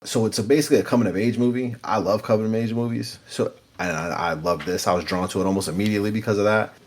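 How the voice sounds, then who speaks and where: A man co-hosting a film podcast, reading a prepared synopsis in a measured way before giving his casual opinion. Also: lowish voice, steady tone, slight background noise. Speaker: podcast co-host.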